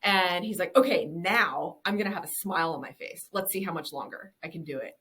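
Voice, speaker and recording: A woman's voice: on the low side, brisk, pushed and bright. A woman in her thirties, a business owner and interview guest, chatting casually and candidly, swearing freely and laughing often.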